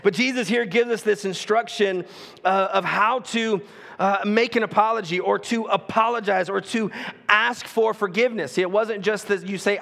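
A man preaches in a high, gravelly voice, telling stories from his childhood with a casual, self-correcting delivery. His voice rings through a church hall with a long reverb. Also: moderate pace. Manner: conversational, self-correcting, animated storytelling. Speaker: pastor. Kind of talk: sermon with personal storytelling.

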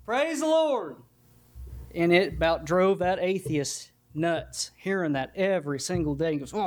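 Man preacher, fairly high voice, homespun and self-deprecating, church sermon. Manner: folksy, self-deprecating, earnest. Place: church sanctuary.

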